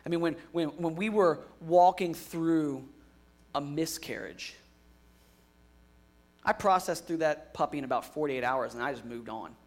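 A young adult man preaching a sermon in an earnest way, moving from emphatic lines to quiet, hushed ones. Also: a little high, measured pace. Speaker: pastor.

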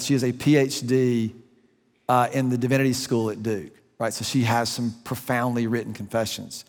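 A middle-aged man preaching a sermon as a pastor, earnest and conversational, slowing down and speeding up for emphasis. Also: mid-range voice, level tone, big-room sound. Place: church sanctuary.

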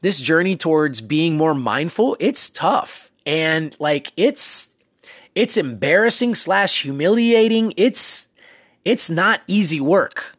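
A man's voice: fairly high pitch, lively intonation, takes it slowly, fairly bright tone, breathy edge, no room sound, studio quality. Chatty man coaching listeners. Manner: conversational, coaching, many fillers and asides. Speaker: self-improvement podcast host. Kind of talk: casual motivational talk.

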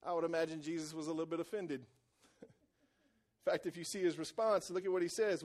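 During a church sermon, a male pastor repeats lines for emphasis and moves between quiet intensity and loud excitement. His voice leans high, and he keeps a moderate pace.

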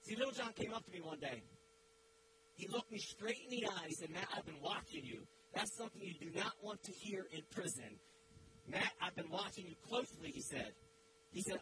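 A man with a high voice preaches a sermon in church, telling a story with dramatic, swelling emphasis. A loud, steady hum runs under the recording. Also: brisk. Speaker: guest preacher.

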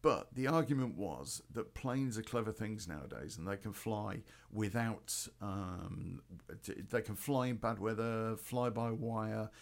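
A man's voice: on the low side, creaky. A man telling a rambling personal story in a casual, sweary way, full of ums and restarts. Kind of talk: casual spoken anecdote.

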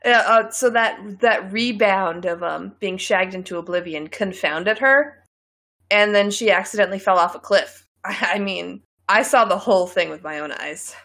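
A woman with a bright, clear-edged voice, chatting casually as a comedy podcast co-host. She giggles often and keeps the banter loose. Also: mid-range voice, normal speed.

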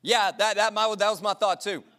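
A man preaching a sermon to his congregation in church, energetic and exhorting, drawing call-and-response from the crowd. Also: sits high, normal speed. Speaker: pastor.

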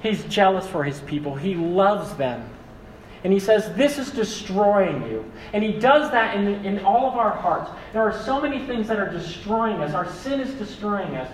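A young man preaching a sermon as a pastor, animated and acting out quoted voices. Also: sits high, normal speed, a little hiss or hum. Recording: echoey hall, mic far off.

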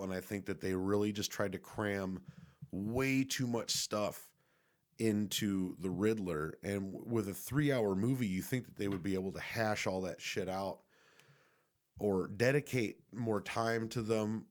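Young guy ranting about a movie, kinda low voice, swears a lot, keeps restarting sentences. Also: a little slow. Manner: rambling, profane, frequent restarts and fillers. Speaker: movie reviewer. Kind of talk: casual spoken movie review.

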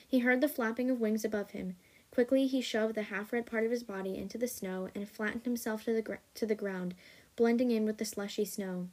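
This podcast host reads their own story in a plain, middle-pitched voice. The tone stays casual and unpolished, with small slips and quick corrections along the way. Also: fairly even intonation, a little mellow. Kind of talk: reading own fan fiction aloud.

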